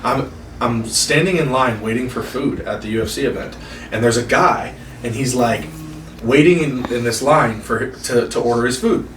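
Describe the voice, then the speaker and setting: A man's voice: mid-range voice, normal speed. A male comedian telling a rambling story in casual podcast chat, laughing, swearing and acting out the people in it. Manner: rambling, laughing, swearing, acts out voices in anecdotes. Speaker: guest comedian. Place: podcast room. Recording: echoey room, distant from mic, noisy.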